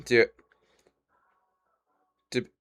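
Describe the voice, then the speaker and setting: Bright-voiced young man running a tabletop game. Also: very slow, no echo, soft background music. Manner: casual, explains game rules plainly. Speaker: dungeon master.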